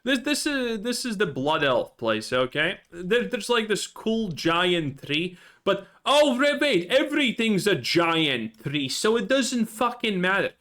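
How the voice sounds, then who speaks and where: A man's voice: high voice, big pitch swings, a little slow, hardly any pauses, pushed and bright. A man giving ranting gameplay commentary, frustrated and profane. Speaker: gaming channel host.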